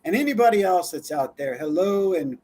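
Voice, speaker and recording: A man's voice: high-pitched, expressive, brisk, a little mellow. A man co-hosting a live-stream talk show, chatting casually with a loose, laughing, filler-heavy delivery. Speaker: co-host.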